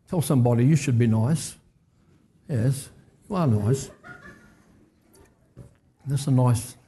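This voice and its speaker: A male pastor preaching a sermon in a church, animated and emphatic, repeating key phrases. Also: fairly high pitch. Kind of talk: sermon storytelling. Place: church hall.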